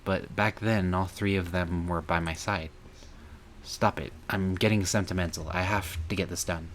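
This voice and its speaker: A man's voice: sits low, fairly even intonation, moderate pace, a little hiss or hum. A man streaming and reading a visual novel aloud, earnest and emotional, with some angry outbursts.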